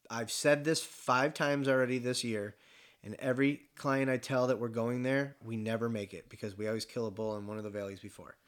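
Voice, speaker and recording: A medium-pitched man from Michigan relays a hunting story in easygoing chat, cursing freely and animatedly voicing the people in the tale.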